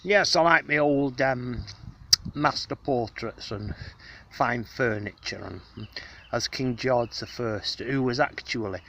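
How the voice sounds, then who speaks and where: A man's voice: medium pitch, takes it slowly, pushed and bright, slight background noise. A man rambling in an affected, genteel way with many fillers, chatting outdoors to the person filming him. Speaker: vlogger. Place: outdoors in the countryside on a hot day.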